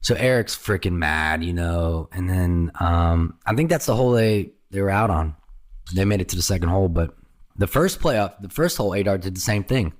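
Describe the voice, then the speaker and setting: A man telling golf trip stories in casual chat, lively and swearing freely, often acting out the people he quotes. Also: deep voice, moderate pace. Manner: animated, jumps into quoted voices, swears freely.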